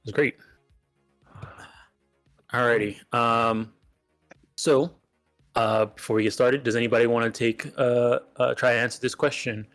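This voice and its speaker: A man with a mid-range voice runs a tabletop game as game master. He talks easily and stops often with fillers, with soft music faintly behind him. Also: mid-range voice, steady tone. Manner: easygoing, filler-heavy, halting.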